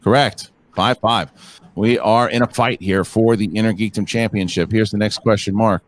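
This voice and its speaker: A man acting as quizmaster, reading trivia questions and counting down in a measured way. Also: on the low side, steady tone.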